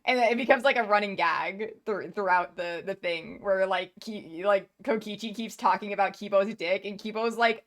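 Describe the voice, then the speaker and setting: A woman's voice: medium pitch, moderate pace, hardly any pauses, fairly bright tone. A woman streamer chatting casually on a live stream, gushing and rambling with many restarts and laughs.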